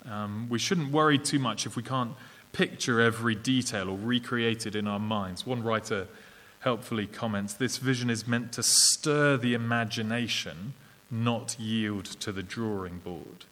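A man with an English accent preaching a sermon, earnest and measured, with small fillers and restarts. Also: medium pitch, fairly bright tone. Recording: long reverb of a large hall.

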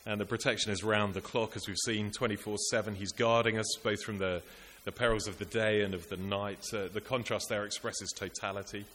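A man's voice: on the low side, fairly even intonation, brisk, hardly any pauses, fairly bright tone. A man preaching a sermon, earnest and rhetorical, building his points through repetition and lists. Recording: echoey hall with faint hiss.

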